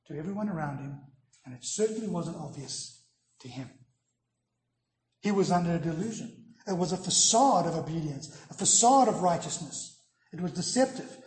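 A male pastor preaching a sermon, swelling loud on key lines and dropping to hushed, near-whispered endings. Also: high-pitched, echoey room.

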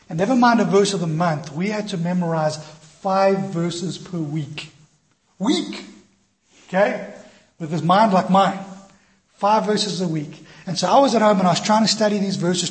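A male pastor preaching a sermon, telling a personal story in an animated, self-deprecating way and acting out the voices in it. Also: on the high side. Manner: animated, self-deprecating, acts out quoted dialogue. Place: church.

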